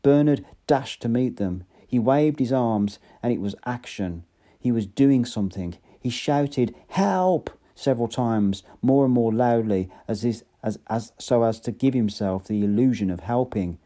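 A man's voice: mid-range voice, moderate pace, mellow. A man narrating an audiobook in an unpolished reading with occasional slips and restarts.

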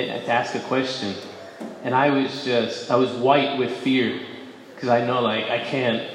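A man's voice: mid-range voice, slight background noise. Man telling his faith story in an echoey hall. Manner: conversational, self-correcting, bursts of emphasis. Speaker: speaker giving a faith testimony. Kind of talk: personal testimony talk. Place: large echoey hall before an audience. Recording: echoey hall with long reverb.

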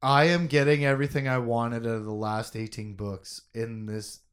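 A man co-hosting a podcast, chatting casually about a novel in an animated, jokey way, thinking out loud with many restarts. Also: mid-range voice, normal speed. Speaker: podcast co-host. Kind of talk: casual book discussion.

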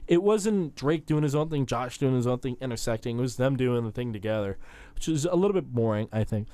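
Lively man recapping in a dry room. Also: mid-range voice, brisk, clear, resonant tone, no room sound. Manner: animated storyteller acting out scenes. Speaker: podcast host. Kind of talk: casual episode recap chat.

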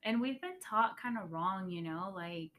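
A woman's voice: medium pitch, animated, a bit bright. A woman guest on a podcast, chatting casually and backing up the host with short replies. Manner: unhurried, supportive interjections. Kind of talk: casual chat.

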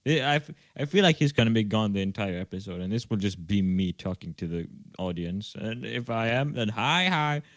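A man's voice: on the low side, no room sound. A young man co-hosting a podcast over a video call from home, filling time with loose, jokey, rambling chat and casual swearing. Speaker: podcast co-host. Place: home room.

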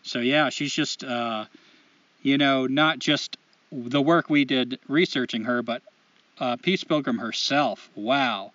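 A man with a mid-range, slightly bright voice talks slowly as a podcast co-host, shifting from casual chat to blunt rants full of profanity. The sound has no echo but is lo-fi, picked up by a faraway mic.

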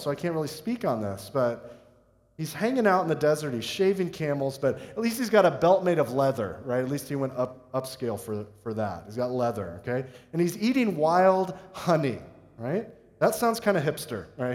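A man's voice: a little high, long reverb tail. A man preaching a sermon in a conversational, joking way, often asking the congregation questions. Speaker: pastor.

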